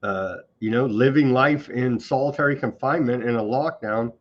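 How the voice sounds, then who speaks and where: Medium in pitch and normal in speed, a male host comes across on dull-sounding audio. His news commentary show features on-this-day items that he mocks with biting sarcasm, showing contempt for the government.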